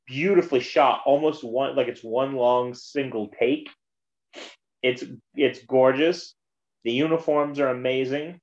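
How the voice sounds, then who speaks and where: Man, casual movie chat, rambling retelling, middle pitch, muffled audio. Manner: rambling, retelling scenes with quoted voices.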